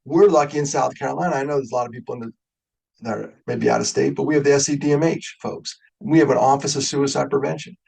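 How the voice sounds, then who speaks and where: A man's voice: medium pitch, fast, gravelly, a little mellow, husky, low-quality recording. A middle-aged man from New York giving a conversational webinar talk, joking and openly emotional as he goes. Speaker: guest speaker.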